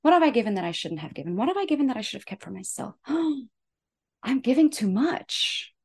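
A woman life coach hosting her own show, giving an enthusiastic motivational talk that swings between loud and soft. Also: medium pitch, very animated, racing, vocal fry.

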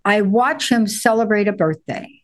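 Animated woman show host. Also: mid-range voice. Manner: animated, laughing, storytelling with drawn-out emphasis. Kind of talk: conversational show interview.

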